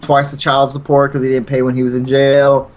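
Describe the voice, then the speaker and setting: A man's voice: medium pitch, monotone, fairly quick, darkish tone. A man on a podcast ranting in a mocking, profane way during casual chat. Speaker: podcast co-host.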